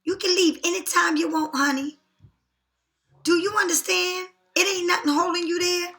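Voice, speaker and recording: A woman giving a casual tarot reading straight to the viewer, blunt and profane, talking in an animated way. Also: very high voice, moderate pace, echoey room. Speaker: tarot reader.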